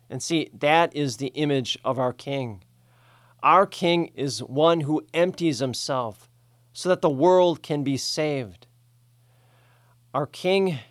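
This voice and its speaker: A man preaching a sermon in a slow, measured, deliberate way. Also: on the high side, no room sound, studio quality.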